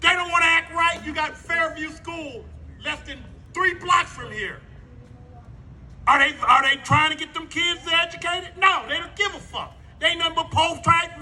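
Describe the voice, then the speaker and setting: A man's voice: extremely high pitch, bright, forceful tone. A middle-aged man giving a fiery, profane protest speech at an outdoor rally, repeating his rallying lines. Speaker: rally speaker.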